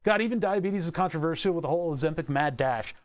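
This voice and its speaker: A man's voice: a little high, animated, quick pace. A man livestreaming, chatting casually while working on electronics, rambling with profane, laughing asides.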